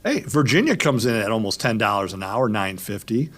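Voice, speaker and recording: A man's voice: lowish voice, very animated, a little fast. Rambling jokey middle-aged male host. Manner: rambling, jokey, gives shout-outs. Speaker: lawyer and show host. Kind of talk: casual chat.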